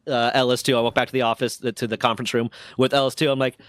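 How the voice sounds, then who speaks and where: A man's voice: medium pitch, little pitch movement, racing, fairly bright tone. A man telling a long story in casual chat, rambling and swearing, with many restarts and self-corrections. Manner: rambling, profane, lots of restarts.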